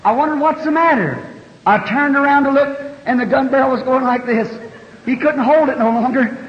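Very high-voiced preacher in an echoey hall. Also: male voice, fairly quick. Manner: folksy storytelling, plain country grammar. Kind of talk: sermon. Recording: dull, echoey 1960 hall recording.

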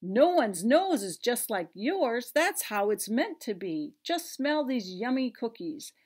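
A woman voicing a friendly, cheerful male bear in a picture-book read-aloud for toddlers, reading loudly and brightly. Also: on the high side, sing-song, slow, heavily acted.

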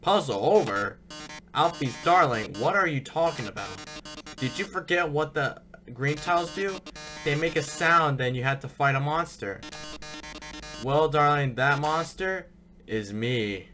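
A man's voice: fairly high pitch, animated, a little slow, bright, forceful tone, voice pushed up. A man voicing a flamboyant male killer robot TV star, reading game dialogue with theatrical mock sorrow and drawled "darlings" over game music. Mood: gloating.

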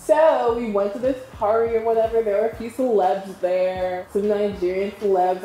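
A chatty woman in her twenties tells a story straight to her camera, tossing in laughing asides to her viewers. Her voice is mellow and soft-edged, and it rings around a roomy, echoey space with a faint hiss underneath. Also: mid-range voice. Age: 20s. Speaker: storytime vlogger.

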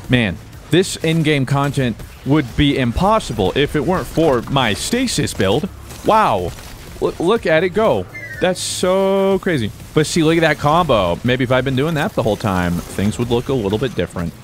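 A young American man giving playful gameplay commentary, moving between mumbled asides and loud excited whoops. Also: medium pitch, moderate pace, faint music behind. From United States. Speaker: gaming video creator.

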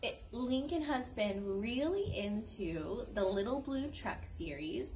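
A young woman, a parent reading a picture book aloud to her toddler in a playful, animated way. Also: a little high, slow pace, slight background noise, low-quality recording. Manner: playful, animated storytelling with gasps.

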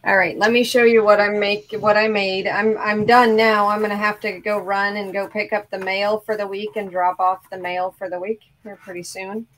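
A woman's voice: medium pitch, little pitch movement, moderate pace, few pauses, a bit bright, low-quality recording. A woman hosting a crafting show, chatting casually and upbeat while showing her projects.

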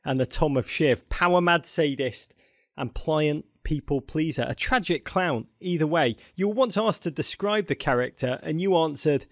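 A man's voice: fairly high pitch, normal speed, no room sound, clean studio sound. A man hosting a podcast interview, asking questions in a playful, enthusiastic way. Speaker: podcast host.

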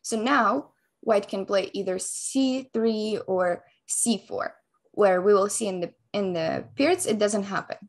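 A woman chess coach calmly and methodically explaining a chess opening, move by move. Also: mid-range voice, a little slow. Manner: calm, methodical explanation of moves.

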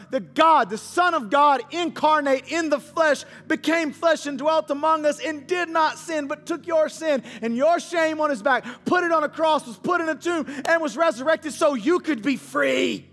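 A man's voice: very high voice, moderate pace, few pauses, sharp tone, long reverb tail, soft background music. A man pastor preaching a sermon as a dynamic, slangy storyteller who acts out the dialogue. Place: church auditorium.

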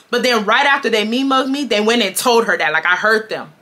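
A woman in her twenties from Houston tells her viewers a story in a casual vlog. She talks with emphasis, repeats her points and swears freely. Her voice sits a little high and has a sharp, bright edge. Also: brisk. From Houston, Texas. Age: 20s. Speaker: storytime vlogger.

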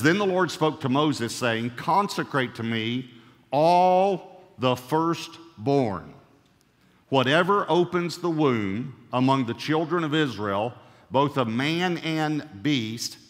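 A man preaching a sermon as pastor, emphatic, slowing right down to stress key words and repeating them. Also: mid-range voice, a bit bright. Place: church sanctuary. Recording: reverberant church hall.

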